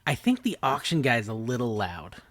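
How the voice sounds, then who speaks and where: A man's voice: medium pitch, sing-song, brisk, very noisy. A man hosting a podcast, chatting easily and laughing often. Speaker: podcast host. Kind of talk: casual chat.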